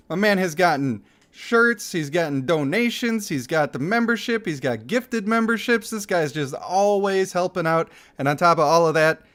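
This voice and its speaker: A man hosting a live game stream, chatting with viewers and thanking supporters, quick to laugh. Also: on the high side. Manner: excitable, laughs easily, thanks viewers by name. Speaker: streamer and gaming channel host.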